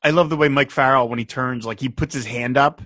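A man co-hosting a casual chat, animated, laughing often and quoting lines. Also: medium pitch, fairly quick, no echo, clean studio sound. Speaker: podcast co-host.

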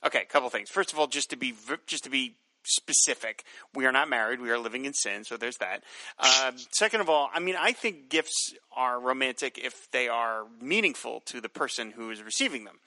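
A man's voice: medium pitch, animated, fairly quick, pushed and bright, no room sound, poor audio. Dry-joking man co-hosting a podcast. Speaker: podcast co-host. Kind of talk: casual podcast chat reading listener mail.

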